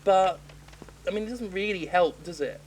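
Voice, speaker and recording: A woman's voice: mid-range voice, normal speed, darkish tone, slight background noise, poor audio. A woman game critic giving sarcastic, profane commentary while playing. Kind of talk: sarcastic let's-play commentary.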